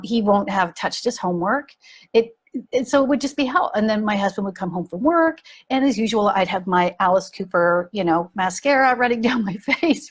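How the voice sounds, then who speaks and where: A woman's voice: medium pitch, husky. A middle-aged woman hosting a parenting talk, speaking frankly and animatedly and repeating words for emphasis. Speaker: parenting coach and podcast host. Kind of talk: casual talk to listeners.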